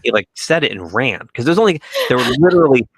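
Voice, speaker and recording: A man's voice: medium pitch, quick pace, husky, dry recording. A man co-hosting a casual pop culture livestream, telling a story with plenty of swearing and acted-out quotes. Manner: animated storyteller, swears freely, acts out quotes. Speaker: podcast co-host.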